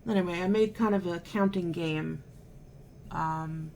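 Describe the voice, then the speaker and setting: A woman's voice: fairly low pitch, measured pace, vocal fry, darkish tone, slight background noise. A woman vlogger telling a story casually to camera, chatty and sarcastic, still a bit unwell.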